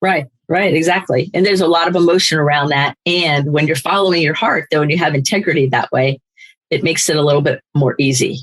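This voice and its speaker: A woman's voice: low voice, brisk. A woman hosting a casual interview, responding with empathy and short affirmations. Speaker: interview host.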